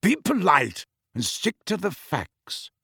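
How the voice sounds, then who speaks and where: A man's voice: sits high, wildly swooping pitch, slow, creaky, bright, forceful tone, husky, no room sound, studio quality, pitched above the performer's own voice, heavily acted. A man reading an audiobook voices a grim, abrupt man, protective and stern. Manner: abrupt and clipped.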